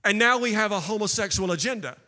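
A man preaching a sermon, swinging from hushed asides to shouted declarations. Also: sits high, animated, fast talker. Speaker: pastor. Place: church sanctuary. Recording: long reverb of a large hall.

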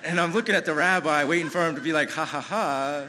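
A man telling a personal story live on stage, chatty and animated, with lots of "you know" and restarts. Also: fairly high pitch, very fast, background noise.

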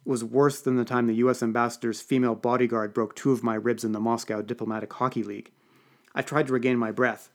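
A man narrating a first-person comic story for an audiobook podcast, with a dry, deadpan delivery. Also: mid-range voice.

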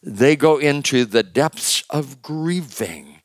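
A male pastor preaching a conversational sermon with joking asides, swinging from loud emphasis to hushed words. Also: medium pitch, expressive, takes it slowly, dry recording.

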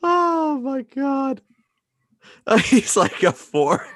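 A man's voice: very high-pitched, very animated, very slow, no echo, studio quality. A man co-hosting a fantasy football podcast, chatting casually and hamming up a folksy put-on Minnesota accent. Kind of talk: casual chat.

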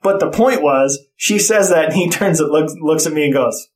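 Blunt storytelling man, slightly high voice. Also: normal speed. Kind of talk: casual chat.

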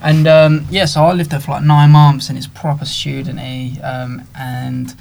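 An English man hosting a podcast, telling animated stories in casual chat, swearing freely and laughing often. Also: mid-range voice, moderate pace, vocal fry, a little hiss or hum. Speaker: podcast host. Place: podcast studio.

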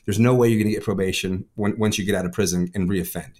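A man, a father, telling his personal testimony in conversation, talking quickly and often checking in with "right?". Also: sits low, steady tone, darkish tone. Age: adult with a son. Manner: fast storytelling, frequent "right?" tags. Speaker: guest.

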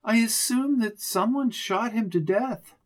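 A man reading an audiobook, voicing a grieving older society woman who speaks in a shaky, halting way. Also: very high-pitched, pitched above the performer's own voice. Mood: anxious. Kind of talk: audiobook character voice.

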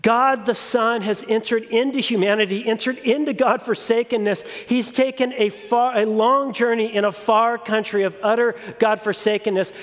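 Brief: male preacher with a high voice, delivering an unhurried, emphatic sermon, long hall reverb. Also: steady tone. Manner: deliberate, emphatic, with repeated phrases.

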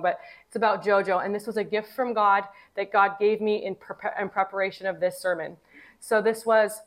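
A woman in her thirties gives a heartfelt sermon, her voice sitting a little high. She weaves personal stories into the message with an earnest, emotional delivery. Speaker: pastor.

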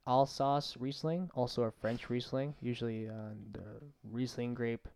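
A young man in his twenties, a chef, chatting casually on a podcast, talkative and animated. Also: medium pitch, measured pace, clear, resonant tone. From Mexico. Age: 20s. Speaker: chef guest.

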